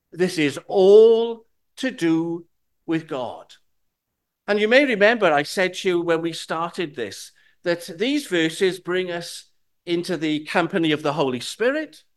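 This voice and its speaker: Lively, slow-speaking male preacher. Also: high voice. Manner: earnest, reassuring teaching with rhetorical questions. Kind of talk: sermon.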